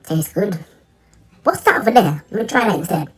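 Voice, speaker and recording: A woman's voice: mid-range voice, sing-song, normal speed, slightly rough, soft background music, poor audio. A woman voicing a sly, teasing grazing animal.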